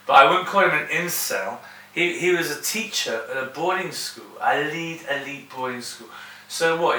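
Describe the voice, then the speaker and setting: A man's voice: medium pitch, pushed and bright. A man ranting in a sardonic, digressive monologue. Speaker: vlogger. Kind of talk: rambling monologue to camera. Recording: roomy room, distant mic, faint hiss.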